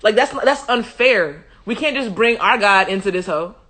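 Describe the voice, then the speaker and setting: A woman's voice: medium pitch, animated, moderate pace, fairly bright tone, natural voice. A woman voicing panicked male ancient soldiers in a story retelling, flustered and stammering. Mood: indignant.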